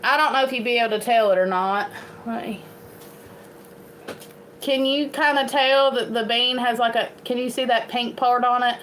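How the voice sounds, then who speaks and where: Casting: bright-voiced Appalachian woman, rambling homestead vlog chat, faint background noise. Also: on the high side, moderate pace, pauses often, low-quality recording. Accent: Eastern Kentucky Appalachian. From Eastern Kentucky. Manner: chatty, rambling, laughs often. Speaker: homestead vlogger. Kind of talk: casual chat to camera.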